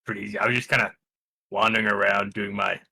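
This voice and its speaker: A man's voice: fairly low pitch, flat delivery, quick pace, vocal fry, pushed and bright, husky, poor audio. A man playing a tabletop game, rambling and hesitant as he tells a story in character. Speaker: player.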